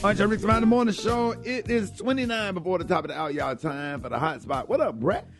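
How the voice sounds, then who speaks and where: A man's voice: sits high, fast talker, gravelly, soft background music. A man hosting a morning radio show, trading laid-back, blunt banter with his co-hosts. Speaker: radio host. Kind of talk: casual radio chat.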